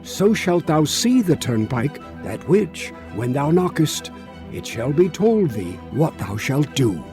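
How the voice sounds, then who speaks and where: An actor playing a calm, wise male guide who gives directions in old-fashioned language. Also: a little high, slow pace, full character voice. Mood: guiding. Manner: archaic, directive. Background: music.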